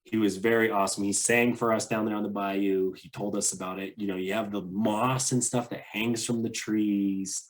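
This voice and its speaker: This podcast co-host has a lowish voice with a steady tone, talking at a moderate pace with few pauses. He chats casually about travel, rambling along with lots of "like," other fillers and restarted sentences.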